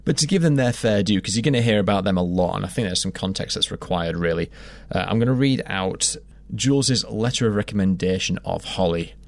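A man hosting and narrating a documentary podcast in a measured, conversational storytelling manner. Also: on the low side, expressive, vocal fry, no room sound.

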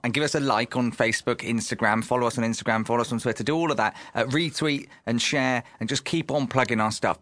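A man's voice: mid-range voice, a bit bright, dry recording. A man with a posh English accent presenting a local radio show and podcast in casual, jokey chat. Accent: posh southern English. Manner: chatty, jokey, plugs the show.

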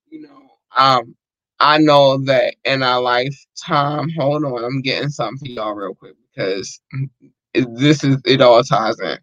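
A man's voice: medium pitch, fairly bright tone, dry recording, muffled recording. Rambling, cussing man hosting a podcast. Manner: rambling, profane, many fillers, addresses listeners as y'all. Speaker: podcast host. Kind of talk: casual livestream chat.

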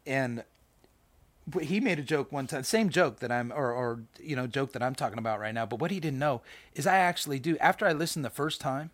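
A man hosting a podcast, reading scripture and commenting in a casual, fast, animated way with many fillers and restarts. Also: mid-range voice, dry recording. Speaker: podcast host.

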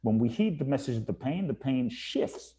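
A man's voice: mid-range voice, sing-song, moderate pace, dark tone. A man guesting on a podcast, telling his life story earnestly and emphatically, often repeating phrases for effect. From England. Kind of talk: reflective storytelling interview.

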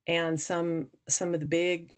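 A woman's voice: fairly low pitch, level tone, slow. A woman guest on a podcast, explaining earnestly how investors judge founders, often restarting her sentences. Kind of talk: podcast interview answers.

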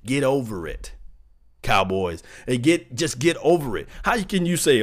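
A man hosting a sports talk show in a mid-pitched voice. He argues hard and fires off rhetorical questions. His delivery is emphatic, with everyday comparisons. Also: very animated, moderate pace. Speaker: podcast host.

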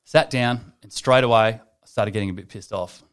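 A young man co-hosting a podcast, telling animated stories and swearing freely. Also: fairly low pitch, normal speed, clean tone. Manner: swears a lot, animated storytelling. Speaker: podcast co-host. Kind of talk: casual podcast chat.

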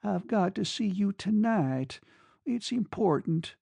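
A man's voice: a little high, measured pace, vocal fry, warm tone, no echo, studio quality. A man voicing a distraught young woman on the phone, speaking in an unsteady, broken, pleading way.

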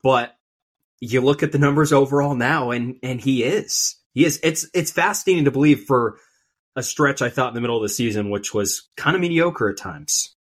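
A man's voice: medium pitch, normal speed. Male co-host, mid-range voice, earnest and a bit rambling in casual chat. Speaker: podcast co-host.

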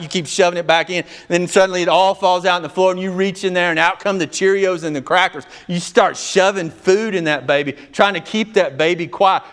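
A male pastor preaching a sermon, swinging between loud, raised passages and hushed, low ones. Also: clear, resonant tone.

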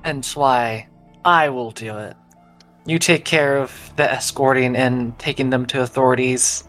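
A woman's voice: rumbling low, steady tone, measured pace, soft background music. A woman voicing a patient male dwarf who has turned cold and furious, speaking in clipped, final sentences. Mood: cold stern.

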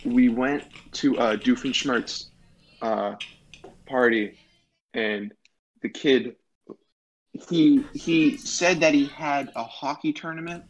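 A teenage boy guesting on a homemade podcast, telling stories in a loose, rambling way. His voice sits at an ordinary middle pitch. He keeps restarting sentences and laughing along as he talks. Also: slow pace, pauses often, a little hiss or hum, rough recording. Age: teens. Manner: rambling storytelling, filler-heavy with restarts and laughs. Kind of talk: casual chat.

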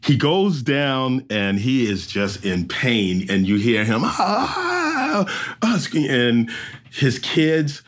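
Race emcee, male, average pitch, animated storyteller who acts out every beat. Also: takes it slowly. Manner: lively storyteller who acts out sounds and voices.

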